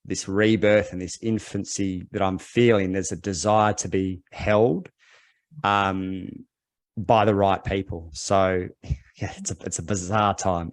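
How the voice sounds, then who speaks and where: Male podcast guest, low voice, halting and reflective, dry sound. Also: dry recording. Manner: thoughtful, halting, many fillers and restarts. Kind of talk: reflective conversational interview.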